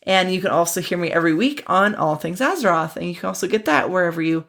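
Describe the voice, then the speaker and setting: A woman's voice: lowish voice, quick pace, gravelly, fairly bright tone. A woman podcast guest, chatting in a teasing, amused way. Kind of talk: casual chat.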